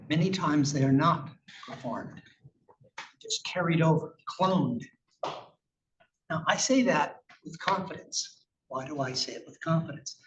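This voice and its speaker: A man giving a conversational, emphatic conference presentation about clinical research with slides, asking rhetorical questions as he goes. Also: fairly high pitch. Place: conference room. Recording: echoey, distant, muffled room recording with faint noise.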